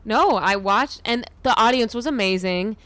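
A woman's voice: fairly high pitch, moderate pace, fairly bright tone, no room sound. A young woman, a comedian, chatting casually and rambling, laughing and swearing as she tells stories. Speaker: comedian and podcast host. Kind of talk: casual chat.

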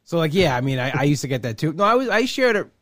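Fast-talking man, dry close sound. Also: on the high side, big pitch swings, fairly bright tone, no echo. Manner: rambling, self-deprecating, fast storytelling. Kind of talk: casual conversation.

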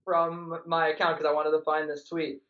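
A man with a high voice chats excitably as a podcast guest. He rambles, restarts and trails off mid-thought. The sound is dull and lo-fi. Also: normal speed. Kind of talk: casual podcast chat.

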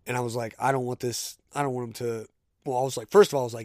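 A man hosts his podcast alone and tells a story in a loose, conversational way. He gets animated and indignant as he acts out what each person said. His voice sits in a middling register and is recorded close and dry, with no room sound. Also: mid-range voice, fast, no echo. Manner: animated, indignant retelling with quoted dialogue. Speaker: podcast host. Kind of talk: casual storytelling monologue.

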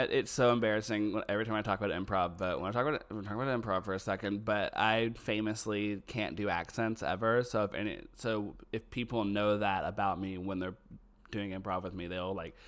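A man's voice: fairly low pitch, fairly quick, fairly bright tone. A man co-hosting a podcast, bantering playfully and laughing often. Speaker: podcast co-host. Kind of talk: casual chat.

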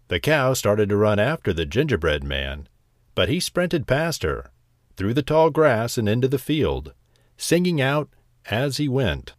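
A man narrating a bedtime story slowly and gently. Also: mid-range voice, very animated, dry recording, studio quality.

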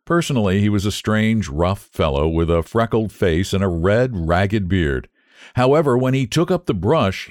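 Brief: male audiobook narrator, low and lively in pitch, dry close mic. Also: no room sound. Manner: measured, expressive storytelling.

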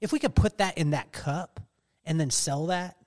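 A man's voice: fairly high pitch, moderate pace. A man hosting a podcast in casual chat, telling stories animatedly and laughing often. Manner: animated storytelling, mimics others' voices. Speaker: podcast host.

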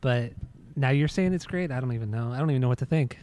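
A young man banters on a podcast, teasing his co-host and firing off short questions. His voice sits at a middle pitch. The recording is dry and close. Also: fast, mellow, dry recording. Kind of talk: casual chat.

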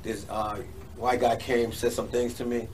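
A man's voice: medium pitch, flat delivery, unhurried. A man being interviewed as a comedian, talking casually, repeating himself and agreeing eagerly. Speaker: comedian guest. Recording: distant mic, faint background noise.

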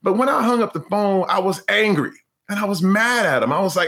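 A man's voice: high voice, a little fast. A man being interviewed, a former pro football player telling a personal story and acting out what he said back then. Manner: animated, acts out his own past lines.

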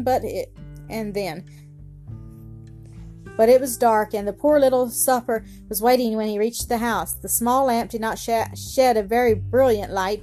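Female storyteller, fairly high voice, gentle bedtime-story read over faint music. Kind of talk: children's story narration.

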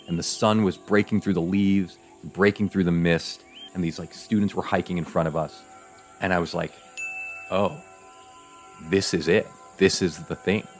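A man guest on a podcast, telling a personal story in a casual, animated way, acting out his parents' voices. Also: sits low, normal speed, soft background music.

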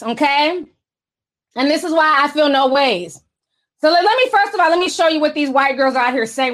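A woman with a bright, high voice runs a sassy livestream commentary. She laughs often and speaks directly to her audience. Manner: sassy, laughing, talks straight to viewers. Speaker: commentary streamer.

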